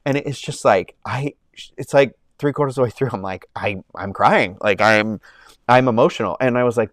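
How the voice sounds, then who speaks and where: A man's voice: medium pitch, moderate pace, dry recording, studio quality. A young man hosting a casual movie-review livestream, rambling and gushing with lots of fillers and restarts. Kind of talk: casual chat. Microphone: own microphone, close.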